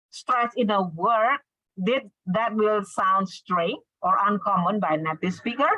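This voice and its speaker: A woman with an Indonesian accent giving an online English lesson, explaining step by step and checking in with quick tag questions. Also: medium pitch, sharp tone, no room sound. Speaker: English instructor. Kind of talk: online class lecture. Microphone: video call. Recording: dull lo-fi video call audio.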